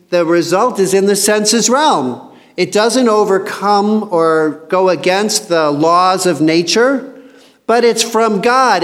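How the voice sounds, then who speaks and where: A high-pitched man teaches a Bible passage in a casual sermon, reading scripture aloud and commenting in a chatty, joking way.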